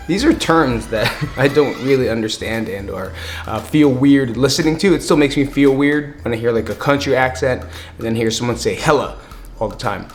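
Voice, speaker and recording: A man from the US East Coast hosting a podcast, talking in an energetic, hyped, chatty way in a casual monologue. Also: mid-range voice, moderate pace, soft background music. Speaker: podcast host.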